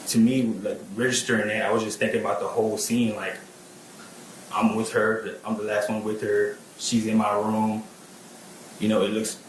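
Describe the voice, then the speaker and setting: A low, flat-voiced man gives halting testimony, stumbling and repeating himself. His voice rings in a roomy courtroom with faint ambience behind it. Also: a little hiss or hum. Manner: halting, repeats words, many fillers like "like" and "um". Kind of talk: plain spoken testimony.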